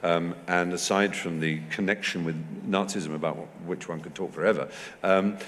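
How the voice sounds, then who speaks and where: Articulate English man, fifties, low and animated; stage talk recorded with long hall reverb. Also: normal speed. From England. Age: 50s. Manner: anecdotal, animated, mimics voices in quotes. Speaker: festival speaker. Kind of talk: onstage talk with audience. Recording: hall reverb, faint noise.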